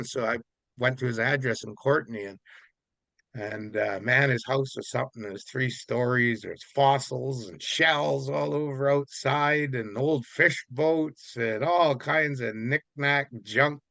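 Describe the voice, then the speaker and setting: A man's voice: mid-range voice, normal speed, vocal fry, dry recording. A man from Vancouver Island, Canada, telling a story in a casual, rambling way as an interview guest. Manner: rambling, relaxed, many fillers.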